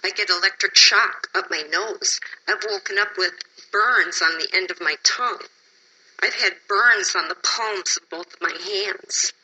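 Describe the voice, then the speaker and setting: A woman from Wisconsin testifies at a public hearing, tired and emotional. Her voice is very bright but husky. She pleads with the panel and at times sinks to a whisper. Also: medium pitch, measured pace, low-quality recording. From Wisconsin, USA.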